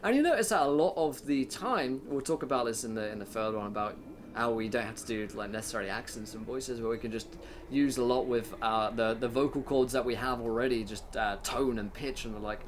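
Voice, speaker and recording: A man's voice: medium pitch, a little fast, slight background noise. A man, hosting and running a tabletop game stream, giving tips in a chatty, filler-heavy way. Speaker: game master and host. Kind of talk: casual explanatory talk on a stream.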